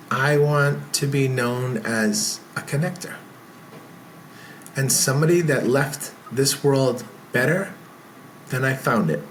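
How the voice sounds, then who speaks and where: A man, a podcast guest talking earnestly in a casual interview, often pausing on filler words. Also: medium pitch, slight background noise. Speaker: podcast guest, event founder.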